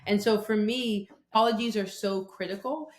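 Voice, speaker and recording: A woman guest on a podcast, telling personal stories about conflict in a lively conversational way, acting out quoted voices. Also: mid-range voice, moderate pace, echoey room. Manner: animated storytelling with quoted voices.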